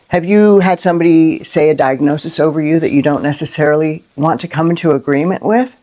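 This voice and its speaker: This middle-aged woman has a low voice and hosts a Christian inspirational video. Speaking unscripted and from the heart straight to the camera, she fires off lively rhetorical questions and keeps tossing in "right?"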